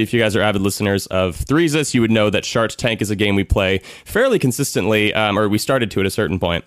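A man's voice: lowish voice, no echo. Young man, podcast host, casual rambling, dry close recording. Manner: rambling, filler-heavy, laughs often.

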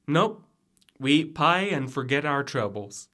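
A man's voice: on the high side, sing-song, unhurried, pushed and bright, exaggerated voice. A young man acting a sarcastic frat brother in a college audio drama, with dry quips. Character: wry young male frat brother Jimmy. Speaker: student actor in audio drama.

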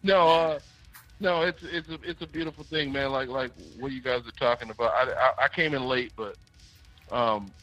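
A man's voice: medium pitch, steady tone, normal speed, fairly bright tone, muffled recording, faint music behind. A man calling in to a talk show, chatting casually and rambling with laughs between phrases. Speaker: caller. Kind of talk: casual call-in chat.

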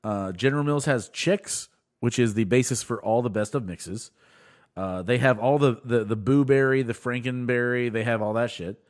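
A man's voice: medium pitch, moderate pace. A man co-hosting a podcast, chatting casually and joking with crude humor while reading out a list. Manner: animated, jokey, profane, reads out lists. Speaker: podcast co-host. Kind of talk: casual chat.

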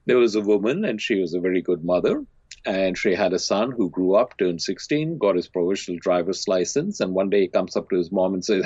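Low-voiced man, animated storyteller. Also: fairly quick, slightly rough, no echo. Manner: animated storyteller, voices characters with big pitch swings. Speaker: podcast guest, teacher. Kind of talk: storytelling in conversation. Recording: dry, slightly dull lo-fi sound.

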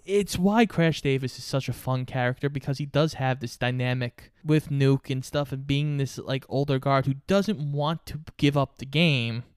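A man's voice: medium pitch, moderate pace, few pauses, smooth, dry recording, studio quality. A man co-hosting a casual movie podcast. He walks through the plot step by step in a storytelling manner. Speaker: podcast co-host. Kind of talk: casual movie recap chat.

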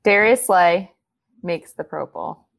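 A woman hosting a sports podcast, briskly running a bidding game with auctioneer-style calls. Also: fairly low pitch, gravelly. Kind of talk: casual sports chat.

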